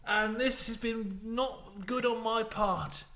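A man's voice: high voice, fairly even intonation, slow, pushed and bright, pitched above the performer's own voice, full character voice. A man voicing a drunk male film star who does a poor pirate impression, drawn out and pleading.

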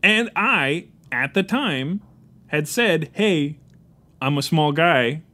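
A man's voice: on the high side, expressive, slow pace, sharp tone, full character voice. A man playing Tarzan's grown son, a would-be assassin, in an improvised comedy podcast, joking and dropping into a silly mock-English accent. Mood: storytelling.

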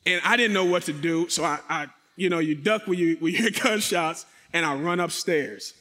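A man with a fairly high voice tells a dramatic personal testimony. He speaks straight to his listeners and acts out sounds and voices as he goes. His voice rings with long reverb, as if in a large hall. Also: normal speed. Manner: animated, acts out sound effects and quotes; addresses the audience directly.

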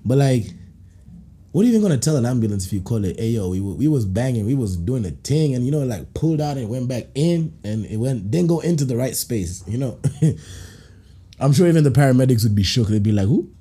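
A man's voice: medium pitch, animated, brisk, warm tone, breathy edge. A male podcast host from Kenya in casual chat. He reads listener stories aloud with slangy banter, laughing often and acting out reactions.

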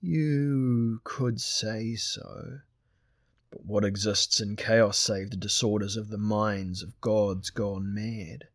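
A man booming as a jovial giant executioner. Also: steady tone, slow pace, dry recording, clean studio sound. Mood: mocking. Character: jovial green tree-like male giant executioner.

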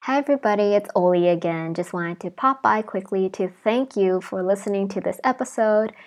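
A woman's voice: mid-range voice, fairly even intonation, moderate pace. A woman hosts a podcast in an easygoing, talkative way, peppering her sentences with "like." Her voice sits at an ordinary middle height. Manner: chatty, leans on the word "like", friendly sign-off. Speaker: podcast host. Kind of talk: casual chat.

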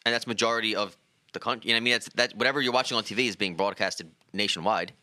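A man co-hosting a casual podcast chat, quick and jokey. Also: fairly low pitch, fairly even intonation, sharp tone, dry recording, studio quality. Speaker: podcast co-host.

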